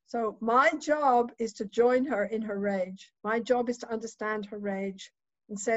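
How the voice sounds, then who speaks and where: A woman delivering a keynote lecture in a slightly raised voice, emphatic and conversational. She often tags her points with a quick "right?" The recording is dull, lo-fi and very dry. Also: a little high, dry recording. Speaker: psychotherapist giving a keynote.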